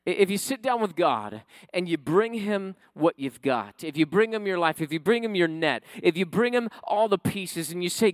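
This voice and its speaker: High-voiced man preaching a story-led sermon. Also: animated, normal speed, few pauses, no echo. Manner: storytelling that builds to emphatic preaching. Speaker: pastor.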